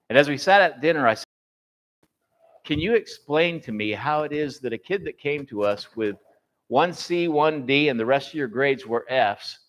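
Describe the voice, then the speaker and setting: A middle-aged man who directs a boys home, telling a folksy story to a church class and quoting the people in it. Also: medium pitch. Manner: folksy anecdotal storytelling, quotes others in lively bursts.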